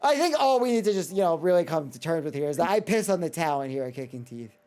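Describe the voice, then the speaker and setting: A young man with a fairly high voice hosts a casual podcast chat. He talks excitably, swears freely and fills his sentences with filler words. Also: quick pace. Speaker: podcast host.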